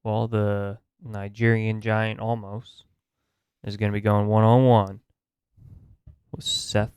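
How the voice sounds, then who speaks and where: Smooth-voiced man in laid-back chat. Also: fairly low pitch, level tone, takes it slowly, a little mellow, no room sound, muffled recording. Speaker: podcast co-host. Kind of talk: casual chat.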